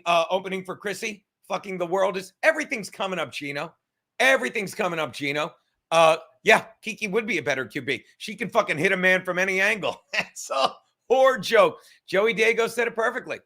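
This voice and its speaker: A young comedian and show host rants casually and profanely on a livestream from his apartment, rambling and mocking himself. His voice sits high and sounds pushed and bright.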